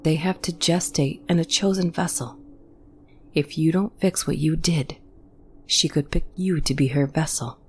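A woman's voice: low voice, unhurried, slight background noise. A woman voicing a frightened, superstitious young adult sister who talks urgently and drops into tense whispers.

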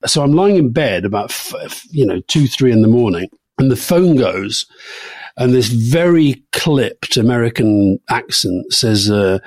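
A middle-aged man co-hosting a political podcast, telling anecdotes in a lively, casual way. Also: medium pitch, measured pace, no echo. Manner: anecdotal, lively storytelling with laughs. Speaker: podcast co-host.

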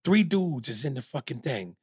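A man from New York telling a long, profane story on a podcast, animated and acting out quotes. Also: medium pitch, normal speed, husky, dry recording. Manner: animated, swears freely, acts out quotes. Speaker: podcast co-host.

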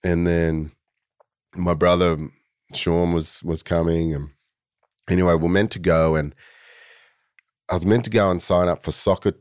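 A man's voice: low voice, flat delivery, unhurried, pauses often, smooth, no echo, clean studio sound. An Australian man in his forties, a guest telling stories in a laid-back, rambling way with plenty of fillers. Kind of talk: casual storytelling.

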